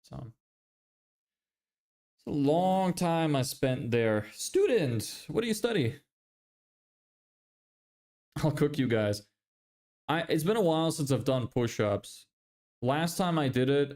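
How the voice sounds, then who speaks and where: A chatty young man from Ireland streams with a medium-pitched, darkish voice, lively in intonation but a little slow, with frequent pauses. The livestreamer and agency owner reads viewer messages in a loose way, swearing and laughing often.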